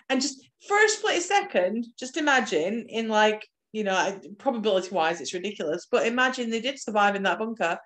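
A woman's voice: mid-range voice, expressive, brisk, few pauses, fairly bright tone. A woman co-hosting a casual film podcast, chatty, wry and full of guesses. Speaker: podcast co-host.

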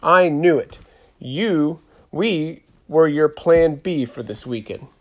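A man's voice: fairly high pitch, slow pace, pitched above the performer's own voice. A man voicing Summer, a teasing, pushy middle-school girl. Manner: teasing, pressing.

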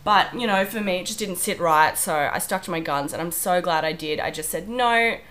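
A woman's voice: on the low side, brisk, a bit bright. A young woman co-hosting a podcast, chatting casually and telling stories with giggles while sick with a wheezy voice. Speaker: podcast co-host. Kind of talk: casual chat.

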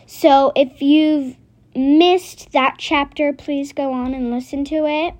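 A woman hosting a story channel, reading a children's chapter book aloud slowly and carefully, with occasional slips. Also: high-pitched, steady tone, darkish tone. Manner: slow, careful, some slips.

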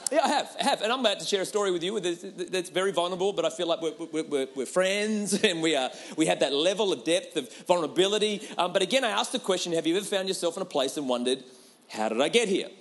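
Guy with a high voice doing a funny sermon story, laughs a lot, keeps asking the same question. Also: fast talker. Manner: animated, laughing, repeats a rhetorical refrain.

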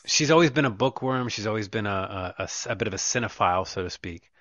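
A man's voice: on the low side, animated, fast, fairly bright tone, dry recording, muffled recording. Rambling, profane male podcast host. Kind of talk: crude casual chat.

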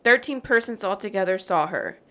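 A woman's voice: medium pitch, lively intonation, fairly quick, bright, forceful tone. A woman hosting a podcast, reading a legend aloud in a casual, joking way, swearing and laughing as she goes. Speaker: podcast host. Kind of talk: casual storytelling chat.

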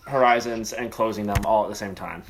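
A man's voice: fairly low pitch, brisk, background noise. A man from Boston telling a story in a casual chat, joking and self-deprecating.

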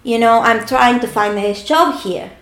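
A middle-aged woman with an Argentinian Spanish accent, talking fast and restarting her sentences in casual conversation. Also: fairly high pitch, roomy sound.

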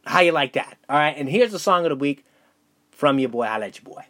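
Sounding out of breath, a young podcast host talks fast in a slightly high, expressive, bright voice. His solo show is loose and profane, with plenty of fillers and restarts.

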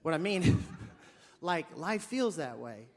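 Animated preacher man in a reverberant hall. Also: on the high side, measured pace. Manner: animated, jokey storyteller acting out dialogue. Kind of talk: sermon with comic storytelling.

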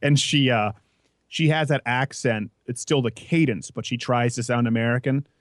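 A man hosting a casual political talk show, brash and mocking, talking fast. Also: mid-range voice, steady tone, dry recording, studio quality. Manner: brash, quick, mocking, with put-on voices. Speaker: podcast host.

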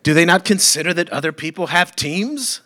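A man's voice: on the high side, animated, normal speed, bright, forceful tone. A man pastor preaching a sermon in a church, conversational and humorous, with frequent rhetorical questions to the congregation.

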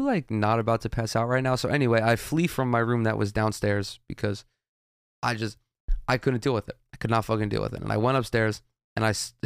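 A young man with a low, gravelly voice that still comes through smooth and resonant. He hosts a podcast and tells a rambling story full of swearing and restarts. The sound is dry and close. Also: dry recording. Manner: rambling, profane, with frequent restarts. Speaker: podcast host. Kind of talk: casual storytelling monologue.

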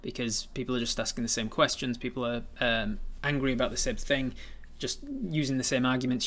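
A man narrating a tabletop game as the game master, relaxed and meandering, with frequent hesitations. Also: medium pitch, a little fast, few pauses.

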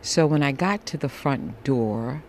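Slow, sultry-voiced woman podcaster. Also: very deep voice, expressive, darkish tone, slight background noise. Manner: deliberate, with playful theatrical asides. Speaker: podcast host. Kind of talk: personal storytelling podcast.

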